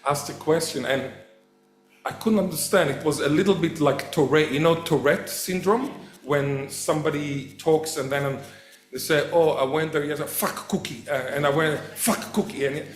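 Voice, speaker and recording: A man giving a public lecture as a professor, animated and quick to act out the voices he quotes. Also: a little high, faint music behind. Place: event hall. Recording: echoey hall.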